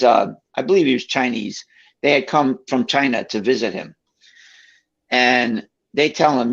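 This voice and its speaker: A man with a gravelly voice tells a story in a relaxed, chatty way. He brings it to life by acting out what each person said. The recording sounds a little dull and lo-fi. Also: mid-range voice. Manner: animated, acts out quoted voices.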